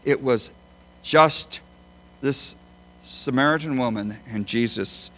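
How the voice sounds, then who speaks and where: A man preaching a sermon as a pastor, emphatic, swinging between loud high bursts and quiet low phrases. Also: takes it slowly. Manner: emphatic, with big swings in pitch and loudness.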